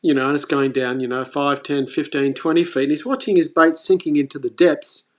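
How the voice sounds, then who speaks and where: A man hosting a live fishing stream, telling a story in an animated, exclaiming way. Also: a little high, brisk. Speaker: fishing presenter.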